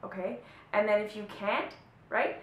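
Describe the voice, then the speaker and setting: A woman's voice: steady tone, normal speed. A woman spiritual life coach teaching to camera in an emphatic, motivational way, often checking in with her listeners. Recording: echoey room with faint low rumble.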